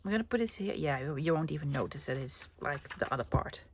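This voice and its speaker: Talking fast and animatedly in a low voice, a young craft vlogger banters with her audience while making things, calling them love and occasionally whispering. Background noise can be heard during the casual chat.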